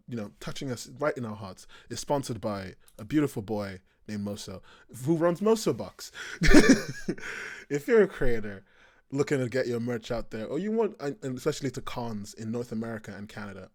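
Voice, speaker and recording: A man's voice: fairly low pitch, darkish tone. A man hosting a podcast over a call, rambling and joking and laughing a lot in casual chat. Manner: jokey, rambling, laughs often. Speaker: podcast host.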